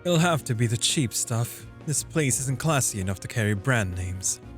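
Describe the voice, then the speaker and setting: A man's voice: medium pitch, animated, moderate pace, soft background music, lightly acted. A man voicing a jaded, hard-drinking woman reporter who talks in a dry, world-weary, teasing way. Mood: resigned.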